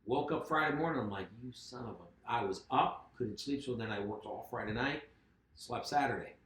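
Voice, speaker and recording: A man hosting a casual podcast, talking in an animated way with quick asides and laughs. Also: mid-range voice. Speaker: podcast host. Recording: roomy echoey room.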